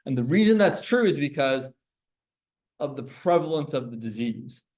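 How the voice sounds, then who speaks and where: Male teacher, classroom lecture, medium pitch, explanatory, self-correcting. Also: sing-song, normal speed, darkish tone.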